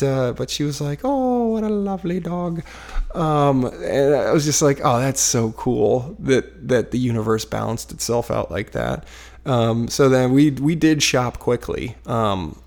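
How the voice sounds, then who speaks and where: A man in his thirties tells a story from his couch at home, with a gravelly voice and a mid pitch. He rambles in a casual, self-deprecating way, full of fillers and restarts. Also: darkish tone. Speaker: vlogger telling a personal story. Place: living room couch at home, dog barking nearby.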